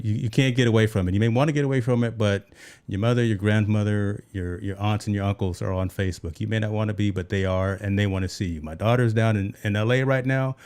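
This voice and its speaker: The host of a tech show speaks in a low, darkish voice, chatting casually and explaining things while frequently asking "right?".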